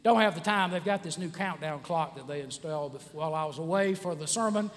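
A man's voice: fairly high pitch, a little fast. A man in his sixties preaching a sermon as pastor, conversational, with many "uh" fillers and restarts. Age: 60s. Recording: church hall with long reverb.

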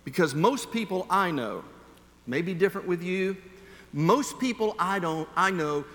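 A male pastor delivers his sermon in a bright, fairly high voice. He moves between slow, weighty phrases and quick, chatty asides as he tells a story from his own life. His words ring out with a long church-hall reverb. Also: expressive. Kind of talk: sermon with personal anecdote.

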